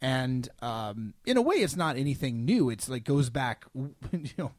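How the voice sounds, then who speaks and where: A man's voice: mid-range voice, big pitch swings, unhurried, dry recording. A man co-hosting a casual film chat, talking in long, rambling turns and often stopping to restart a sentence. His voice sits in a middle range, and the recording is dry and close. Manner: thoughtful, rambling, stops and restarts. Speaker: podcast co-host. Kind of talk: casual chat about movies.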